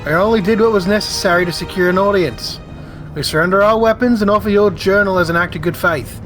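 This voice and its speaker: A man voicing a proud male lizardfolk warrior in a deliberately bad put-on Australian accent. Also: high-pitched, fairly bright tone, faint music behind. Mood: earnest. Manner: deliberately bad accent, read aloud from a game.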